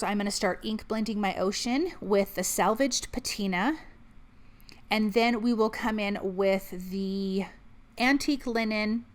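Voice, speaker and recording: An upbeat, chatty woman talks through a card-making tutorial step by step. She sounds like a friendly crafting host explaining her process as she works. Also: mid-range voice.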